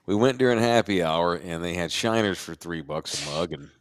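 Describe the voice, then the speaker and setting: A man's voice: low voice, animated, moderate pace, no room sound, clean studio sound. A middle-aged man, co-hosting a podcast in laid-back, rambling casual chat. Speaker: podcast co-host.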